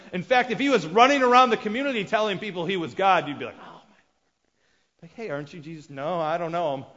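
Male preacher, fairly high voice, dramatic swings from loud to hushed, muffled recording in a reverberant hall. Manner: acts out quoted characters with sudden loud and hushed voices. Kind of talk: sermon. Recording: dull sound with long reverb of a large hall.

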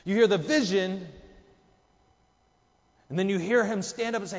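A man's voice: high voice, steady tone, moderate pace, in a large hall, dull audio. A man preaching a sermon, emphatic, his voice jumping up for quoted lines. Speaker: pastor.

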